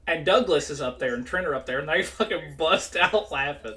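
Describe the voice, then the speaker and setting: A man in his twenties, a podcast co-host telling a school story in casual chat, animated, profane and rambling. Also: on the high side, moderate pace, hardly any pauses.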